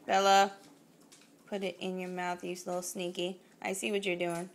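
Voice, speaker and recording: A woman's voice: fairly low pitch, little pitch movement, moderate pace, slight background noise. A woman talking to a toddler at mealtime, coaxing her to eat with short, repeated instructions. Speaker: parent feeding a toddler. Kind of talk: casual talk to a small child.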